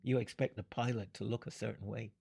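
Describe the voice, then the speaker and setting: Gravelly older man telling a story. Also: lowish voice, steady tone, warm tone. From Jamaica. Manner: unhurried, explains through analogies, laughs often. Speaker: interviewee. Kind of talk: reflective storytelling.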